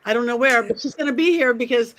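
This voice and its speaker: A woman's voice: on the high side, fast, fairly bright tone. A woman hosting a casual panel chat over a video call, talking chattily as she plugs her events and asks viewers to follow the show. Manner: chatty, plugging events and socials. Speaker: host.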